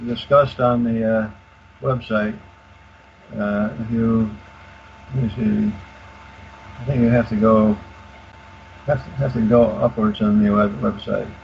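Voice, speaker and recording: Older guy with a gravelly voice on a dull lo-fi line, lots of uhs and restarts, faint hiss. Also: lowish voice, fairly even intonation. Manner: halting, many fillers and restarts. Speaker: guest expert. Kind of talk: casual explanation on a call-in radio show.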